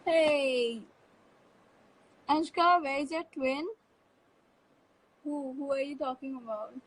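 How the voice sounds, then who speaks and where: A woman's voice: high-pitched, takes it slowly, rough recording. A woman hosting a casual live stream, chatty and upbeat, reading fan comments aloud into a phone.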